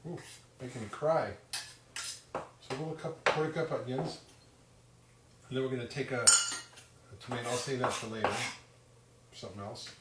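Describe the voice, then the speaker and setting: A chatty man talks his way through a recipe in his home kitchen, halting now and then with ums while he chops. He sits back from the mic, and the room rings around him. Loud clatter of knives, dishes and pans fills the background. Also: medium pitch, heavy background noise. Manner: chatty, self-deprecating, halting with fillers. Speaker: cooking show host. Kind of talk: casual live cooking demonstration. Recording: roomy, distant kitchen sound with loud clatter. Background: cutlery, dishes and chopping clatter.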